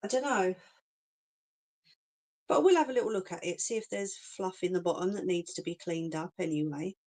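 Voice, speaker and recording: A woman's voice: lowish voice, normal speed, darkish tone. A middle-aged woman chatting casually with live viewers, reassuring and laughing often. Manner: chatty and reassuring, laughs often, says "do you know what I mean". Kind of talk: casual live-stream chat.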